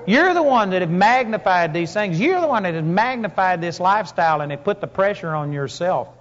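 A man's voice: high-pitched, expressive, fairly quick. A man preaching a sermon to a congregation, telling stories with emphatic rises and punchy lines. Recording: long hall reverb, dull lo-fi sound.

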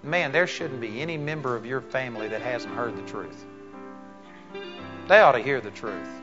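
A man's voice: medium pitch, normal speed, lo-fi sound, music in the background. A man preaching a sermon at a conference, earnest and conversational, often dropping "man" into his talk. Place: conference stage.

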